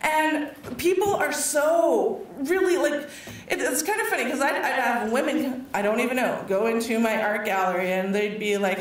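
A woman tells her story to an audience in an animated way, laughing and acting out what others said. Her voice sits a little high. The sound is heavily echoey and recorded from far away, as if picked up across a hall. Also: normal speed. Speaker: award recipient giving a speech. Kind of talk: personal speech to an audience. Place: public event hall.

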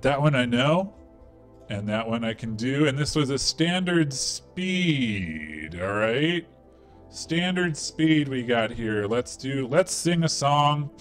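A man hosting a live call-in stream, chatting casually and rambling with lots of fillers before singing karaoke. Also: mid-range voice. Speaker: live call-in show host.

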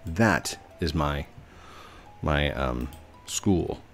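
A man's voice: extremely low pitch, expressive, very slow, soft background music. A man giving casual gameplay commentary, rambling with many fillers and restarts. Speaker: gaming video host.

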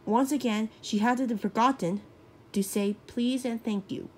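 A woman reading a children's storybook aloud, halting and restarting as she reads. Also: on the high side, a little mellow, slightly rough. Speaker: storybook reader.

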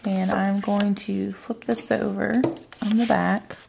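Woman crafting instructor, unhurried, gravelly voice, calm step-by-step delivery. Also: medium pitch, noisy background. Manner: calm, narrating her hands-on work. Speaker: card-making demonstrator.

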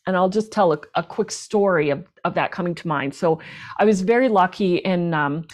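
A woman flute player, a professional performer and teacher, chatting in an interview, animated and talkative with lots of restarts. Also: lowish voice, normal speed. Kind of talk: casual interview chat.

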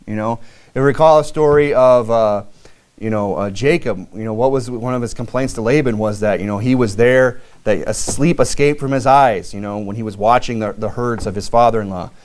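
A man's voice: medium pitch, fairly quick, a little mellow. A married man preaching a sermon in a loose, conversational way, with frequent fillers and restarts. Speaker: pastor.

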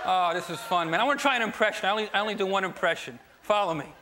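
A young man from New Jersey doing a stand-up set on a late-night TV show, with punchy, energetic joke delivery and loud asides. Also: high voice, rapid-fire, background noise. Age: young adult. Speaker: stand-up comedian. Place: TV studio stage before a live audience. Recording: live TV studio with loud audience laughter.

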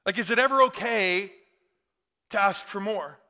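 Man, pastor, high and bright voice, fervent conversational sermon in church. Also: normal speed. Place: church in front of a congregation.

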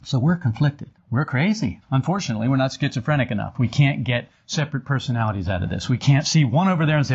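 A man's voice: mid-range voice, animated, fast talker, hardly any pauses, slightly rough, muffled recording. A man teaching esoteric ideas to a small group in a meeting room, acting out little dialogues with self-mocking humor. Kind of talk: animated talk to a small group. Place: meeting room with a live audience.

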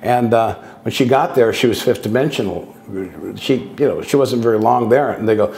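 A man in his sixties speaks at a moderate pace in a medium-pitched, slightly mellow voice, rambling through anecdotes as a guest speaker on contact experiences. Loose and digressive, he restarts sentences and acts out dialogue in a roomy, echoey recording.

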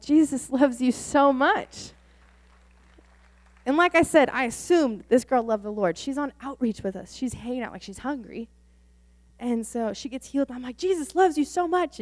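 A young woman pastor preaching a sermon and telling a testimony, excitable, rising into exclamations. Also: mid-range voice, dry recording.

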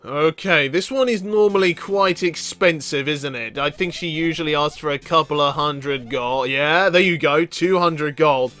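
A man commentating on a let's play in a chatty, excitable way, laughing often. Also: a little high, moderate pace, few pauses. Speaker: gaming video host.

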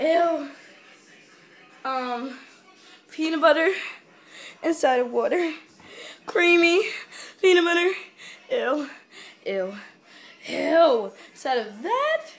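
Excitable high-voiced woman vlogging at home. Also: echoey room. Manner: excitable, dramatic, squealing reactions. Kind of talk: casual vlog chat.

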